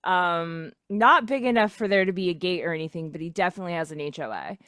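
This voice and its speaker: A woman's voice: on the low side, animated, fast talker, fairly bright tone, no echo, clean studio sound. A woman narrating a tabletop game as game master, chatty and often laughing. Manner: giggly, chatty, narrating with lots of fillers.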